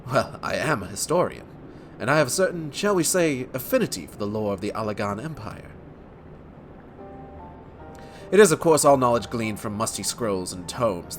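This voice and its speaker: A grandiose male scholar from a fantasy game, as a man reads him out, lecturing in ornate, old-fashioned phrases. His mid-range voice swoops and rises with lively emphasis. Faint game music plays underneath. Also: medium pitch, lightly acted. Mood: scholarly. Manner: formal, elaborate old-fashioned speech. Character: learned male historian, grand and wordy.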